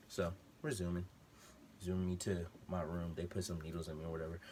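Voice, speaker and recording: A young man with a low, deep voice tells a personal story in loose, slangy casual talk. He acts out the other people's lines as he goes. A faint hum of room noise sits behind him. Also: moderate pace. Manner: animated slangy storytelling, acting out quotes. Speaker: vlogger.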